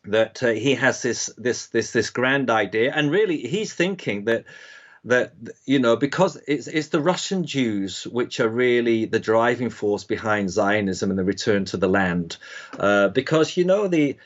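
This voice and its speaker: A man's voice: medium pitch, expressive, unhurried. A man teaching Bible prophecy history in a casual, conversational way, rambling with frequent restarts and fillers. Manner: rambling, many restarts and "you know" fillers. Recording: slightly dull lo-fi audio.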